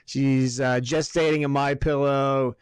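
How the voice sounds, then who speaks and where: A man co-hosting a casual podcast, rambling and swearing his way through excitable rants. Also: medium pitch, unhurried, clear, resonant tone, dry recording, studio quality. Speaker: podcast co-host.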